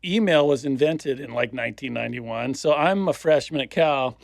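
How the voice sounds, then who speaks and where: A man's voice: mid-range voice, moderate pace, vocal fry, no room sound, clean studio sound. A man in his fifties who hosts a podcast and tells stories in a loose, profane way, acting out the voices of the people in them. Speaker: podcast host. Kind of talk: casual storytelling chat.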